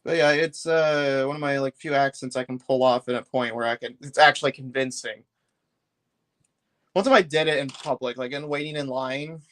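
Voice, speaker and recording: A man's voice: medium pitch, fairly even intonation, normal speed, a bit bright. A man chatting casually on a live stream while building a brick set, rambling loosely and often trailing off mid-thought.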